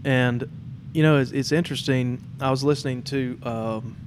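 A man hosting an informal theatre podcast, talking in a relaxed, rambling way. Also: medium pitch, moderate pace, a little hiss or hum. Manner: relaxed, rambling, many fillers and restarts. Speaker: podcast host. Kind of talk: casual interview chat.

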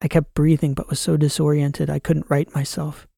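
Gravelly man narrating a sci-fi audiobook. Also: on the high side, level tone, warm tone, dry recording, clean studio sound. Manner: measured, dramatic reading. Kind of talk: scripted first-person narration.

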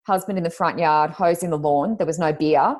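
This Australian woman has a low voice and talks in a chatty storytelling way. She slips into the voices of the people she quotes. It sounds like a video call. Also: a little fast, darkish tone. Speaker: intuitive reader guest. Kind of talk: casual storytelling.

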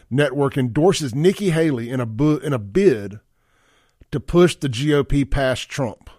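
A man's voice: mid-range voice, lively intonation, a little slow, darkish tone, no echo, studio quality. A man hosting a talk radio show, giving a blunt, folksy opinion monologue and reading listener texts aloud. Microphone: studio microphone.

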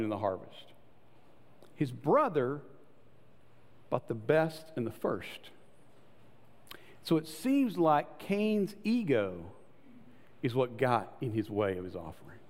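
Male pastor, fairly high voice, very lively delivery, hall reverb. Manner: conversational preaching, acts out voices with rising pitch. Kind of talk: sermon.

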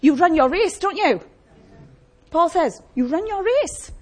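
A woman's voice: extremely high pitch, animated, unhurried. A woman preaching a sermon in a conversational way, often asking the congregation questions.

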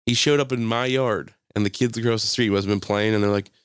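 A fast-talking man with a clear, resonant voice on the low side is heard in studio-quality audio with no room sound, indoors. Co-hosting a casual podcast chat, he tells animated stories, swears plenty, and acts out quotes.

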